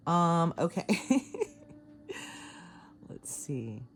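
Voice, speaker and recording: A woman giving a casual tarot reading to camera, chatty and excitable, laughing often and swearing casually. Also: fairly low pitch, extremely slow, a little hiss or hum. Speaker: tarot reader.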